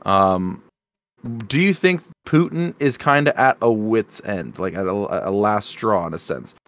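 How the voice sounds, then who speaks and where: A man's voice: on the low side, lively intonation, measured pace, a bit bright. A man co-hosting a casual drinking podcast, talking earnestly and often stopping to restart or correct himself. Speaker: podcast co-host.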